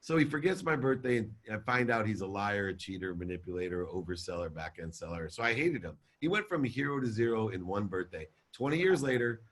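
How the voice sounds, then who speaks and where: A man, a guest in an interview, telling an emotional personal story in an animated, emphatic way. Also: lowish voice, fairly quick, few pauses. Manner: animated, emphatic, swears casually. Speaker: guest entrepreneur.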